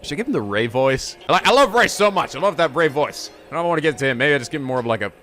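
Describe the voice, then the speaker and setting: A man hosting a let's play, commenting excitably with swearing and laughing asides. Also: on the high side, rapid-fire. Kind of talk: game commentary.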